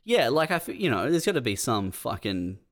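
A man co-hosting a casual comedy podcast, joking and laughing often. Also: fairly quick. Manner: jokey, laughs often, lively pitch swings. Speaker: podcast co-host.

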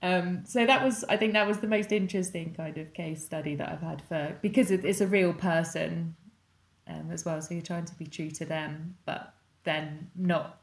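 A woman's voice: sits low, creaky, reverberant. A woman actress talking reflectively about her work, thinking aloud. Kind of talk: casual interview talk.

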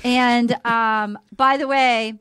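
A woman's voice: on the high side, fairly even intonation, slow, a bit bright, smooth, no echo. A woman co-hosting a casual chat, recapping a show and acting out quotes in silly voices. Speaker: podcast co-host.

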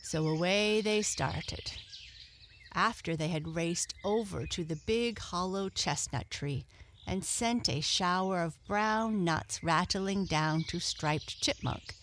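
A woman storyteller reading a children's story aloud in a gentle, expressive way. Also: lowish voice, slow pace, slight background noise.

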